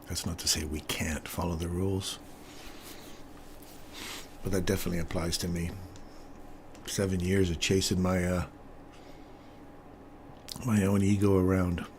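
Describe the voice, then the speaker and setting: An older man talks casually through a live trading session, chatting with viewers between remarks on the charts. His voice sits low, and a faint background noise runs under the recording. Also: unhurried, long pauses. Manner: chatty, laughs often, animated when storytelling. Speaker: trading stream host. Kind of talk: casual live-stream commentary.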